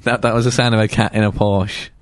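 A man's voice: on the low side, level tone, quick pace, no echo. A man co-hosting a podcast, chatting casually with dry wit and stumbling restarts. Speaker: podcast co-host. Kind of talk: casual comedic chat.

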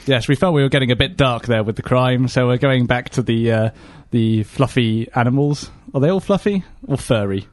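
A man's voice: medium pitch, normal speed, hardly any pauses, no echo, clean studio sound. A man co-hosting a podcast, chatting casually and rambling with jokes and lots of fillers. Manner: rambling, joking, many fillers. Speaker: podcast co-host. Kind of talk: casual comedic chat.

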